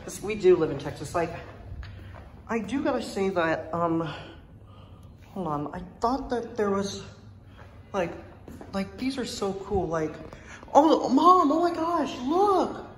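A woman's voice: fairly low pitch, animated, unhurried, pauses often. Gushing young woman vlogger. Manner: rambling and enthusiastic, many fillers; drops to a hush at times. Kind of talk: excited vlog commentary. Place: indoor train museum.

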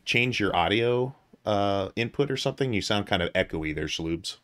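A man from the US hosting a casual podcast, with a fairly low voice. He reads an article aloud and breaks off for joking asides and filler words. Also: animated, normal speed, fairly bright tone. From United States. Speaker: podcast host.

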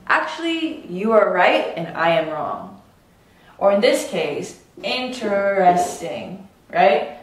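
A woman teaching English pronunciation, saying each example word slowly and clearly. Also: medium pitch. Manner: slow, clearly articulated teaching. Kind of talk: pronunciation lesson. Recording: echoey room, distant mic.

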